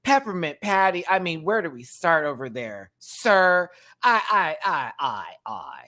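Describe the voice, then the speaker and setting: A man hosting a casual reaction show, campy and chatty, swinging from loud exclamations to quiet asides and laughing often. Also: on the high side, sing-song, a little slow. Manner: campy and chatty, repeats words for emphasis.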